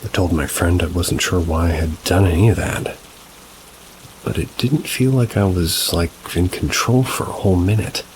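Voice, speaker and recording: Low male narrator for true ghost stories, calm and measured, with rain noise behind him. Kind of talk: scripted narration of reader-submitted stories. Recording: rain sounds mixed behind the voice. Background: steady rain ambience.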